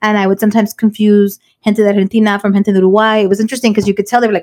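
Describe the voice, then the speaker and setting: A woman's voice: medium pitch, racing. A woman in her thirties, co-hosting a podcast and telling stories in casual chat, switching between English and Spanish. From United States. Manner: animated storyteller mixing English and Spanish. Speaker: podcast co-host.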